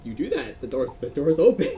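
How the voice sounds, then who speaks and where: A man's voice: on the high side, huge pitch swings, moderate pace, creaky, noisy background. A man running a tabletop game as game master, narrating with many fillers and restarts. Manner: rambling, many fillers and restarts, laughs often. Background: music.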